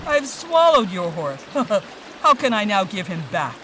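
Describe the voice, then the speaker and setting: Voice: mid-range voice, big pitch swings, measured pace, slight background noise, voice pushed up. A storyteller voicing a haughty river dragon. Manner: haughty, mocking. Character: boastful male dragon of the river. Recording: distant voice over loud music.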